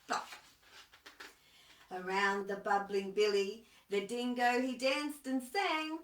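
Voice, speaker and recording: Slow, bright woman reading a children's story. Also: on the high side, far from the mic. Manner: expressive, asks the listener questions. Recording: echoey room, voice off-mic.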